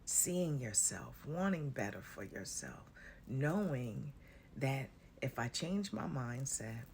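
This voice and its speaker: A woman's voice: extremely low pitch, expressive, unhurried, a little mellow, a little hiss or hum. A woman giving a casual spiritual talk to her viewers, blunt and sassy, swearing freely and calling listeners honey and baby. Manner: drawls terms like honey and baby. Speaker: spiritual content creator.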